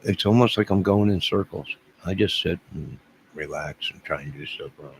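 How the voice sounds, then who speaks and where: A man's voice: sits low, normal speed, background noise. A man hosting a casual livestream, rambling and self-deprecating as he chuckles and answers viewers' chat. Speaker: livestream host.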